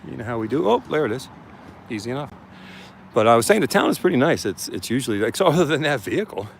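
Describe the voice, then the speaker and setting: Very animated and fast, a man with a gravelly medium-pitched voice live-streams while walking around a police station outdoors. The First Amendment auditor films handheld, casually greeting viewers by name, and a little hiss or hum is audible.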